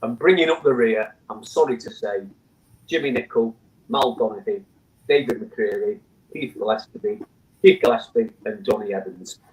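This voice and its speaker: A man's voice: fairly low pitch, normal speed, rough recording. A man speaking as a guest on a casual panel discussion, enthusiastically telling stories and reading quotes aloud, with frequent restarts. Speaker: guest, memorial foundation chairman.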